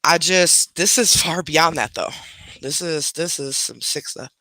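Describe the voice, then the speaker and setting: A woman's voice: low voice, measured pace, sharp tone, no room sound. A woman, chatting bluntly with her livestream audience from home. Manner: chatty, blunt, talks to pets and chat. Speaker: livestream reaction host. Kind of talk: casual livestream chat.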